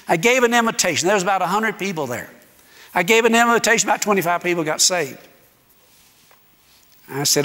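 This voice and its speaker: A man preaching as a guest speaker, telling a story in an animated way and acting out the dialogue. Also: sits high. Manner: animated, acts out dialogue, dramatic pauses. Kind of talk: sermon storytelling. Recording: echoey hall reverb.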